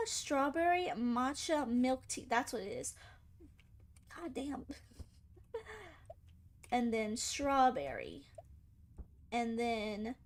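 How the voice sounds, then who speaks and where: A woman's voice: sits high, a little hiss or hum. A young woman hosting a gaming channel, giving playful, sassy commentary and talking back to the characters as she plays. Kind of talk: casual gameplay commentary.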